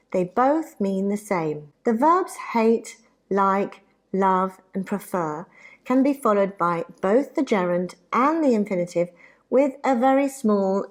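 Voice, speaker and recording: A woman with a British accent teaching an English grammar lesson, speaking deliberately and spelling out examples. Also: mid-range voice. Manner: deliberate, carefully spoken examples. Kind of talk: slow, clear grammar lesson.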